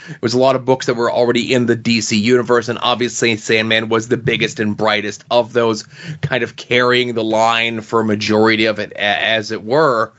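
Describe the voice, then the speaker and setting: A man co-hosting a podcast, chatting about comics in a measured, explanatory way. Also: medium pitch, level tone, fairly bright tone, lo-fi sound. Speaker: podcast co-host. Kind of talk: casual chat about comics.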